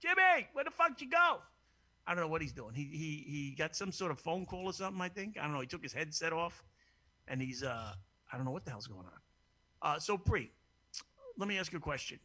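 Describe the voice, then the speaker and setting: A man's voice: fairly high pitch, lively intonation, quick pace, pushed and bright. Brash, profane man hosting a call-in show. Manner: brash, profane and joking, laughs often. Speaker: host. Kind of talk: crude casual chat.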